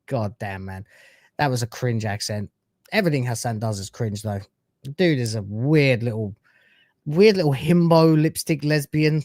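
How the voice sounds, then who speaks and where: A man's voice: medium pitch, expressive, moderate pace, no room sound, studio quality. A man hosting a live stream, chatting casually with brash, sarcastic, crude banter.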